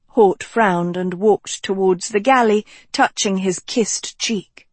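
An audiobook narrator reads a scripted story in a slow, measured way. Her voice is medium in pitch and slightly rough, with no echo.

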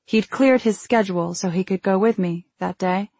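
A woman narrating a first-person novel in a measured, restrained way. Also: mid-range voice, warm tone, no echo. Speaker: audiobook narrator.

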